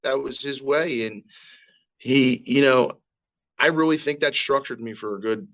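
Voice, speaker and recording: A man's voice: mid-range voice, measured pace, a bit bright, dull audio. A middle-aged man, a guest on a podcast, speaking casually and emphatically in a straightforward way. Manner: emphatic, straight-talking, calls people "girl". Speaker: guest, family friend. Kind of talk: casual conversation.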